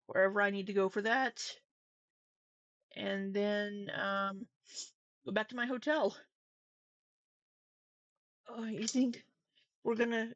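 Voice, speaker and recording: A woman's voice: fairly high pitch, no room sound. A woman with a runny nose chatting casually on a live stream at home, rambling, greeting viewers and laughing easily. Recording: slightly dull lo-fi stream audio.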